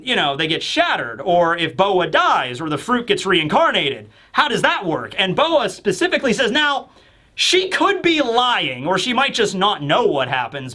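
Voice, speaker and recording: Excitable, bright-voiced male reviewer. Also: sits high. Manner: excitable, animated, bursts into shouting. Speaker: manga reviewer. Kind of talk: casual video commentary.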